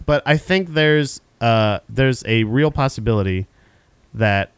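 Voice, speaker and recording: A man's voice: medium pitch, a little slow, smooth, no room sound. A man co-hosting a podcast, rambling through casual banter and swearing freely. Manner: rambling, animated, swears and laughs often. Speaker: podcast co-host.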